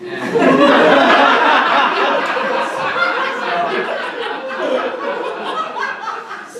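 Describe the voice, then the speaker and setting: Rambling young man telling a story on stage. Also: medium pitch. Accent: Detroit. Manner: rambling, self-mocking, halting restarts. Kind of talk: live storytelling. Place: comedy club stage. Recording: echoey room from far off, noisy.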